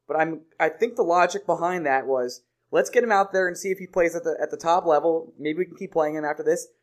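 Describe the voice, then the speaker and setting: A man's voice: fairly high pitch, quick pace. A young man co-hosting a sports podcast in casual chat, joking and laughing through the banter. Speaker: podcast co-host.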